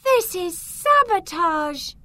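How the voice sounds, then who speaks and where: Little girl witch, high and exclaiming, swinging voice, woman reading aloud. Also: very animated, slow, pushed and bright, no room sound, exaggerated voice. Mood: furious. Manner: exclaiming, indignant. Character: plucky little girl witch, easily upset.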